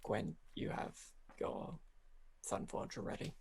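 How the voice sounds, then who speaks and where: A man playing a tabletop role-playing game, talking in a hesitant, stammering way. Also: takes it slowly. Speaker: player. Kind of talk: tabletop role-play chat.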